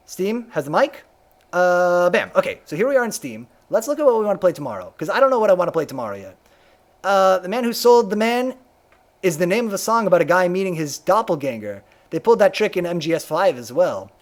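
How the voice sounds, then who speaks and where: His voice sits high and sounds a little worn as he plays a video game on a live stream. He keeps the chat casual, reads in-game text out loud, and hums along to himself.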